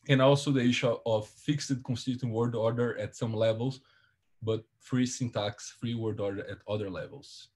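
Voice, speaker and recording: A man presenting a linguistics seminar over a video call, his pitch sitting in an ordinary middle register. He talks through each slide carefully and methodically, in a calm explanatory tone. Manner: explains slides step by step in measured academic tone.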